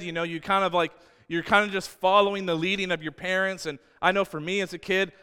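Bright-voiced man preaching a sermon. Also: high voice, clear, resonant tone. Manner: storytelling, animated with many restarts. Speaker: pastor. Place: church sanctuary. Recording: church hall with long reverb.

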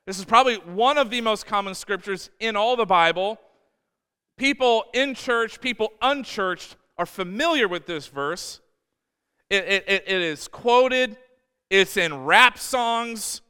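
A man's voice: sits high, lively intonation, measured pace, bright, forceful tone, clear, resonant tone, big-room sound. A man preaching a sermon as pastor, emphatic and repeating words, often acting out voices in quotes. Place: church.

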